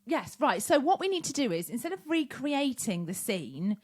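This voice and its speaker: Brief: high, animated woman podcast co-host, teasing and bossy. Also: normal speed. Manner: bossy, teasing, swears freely. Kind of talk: casual chat.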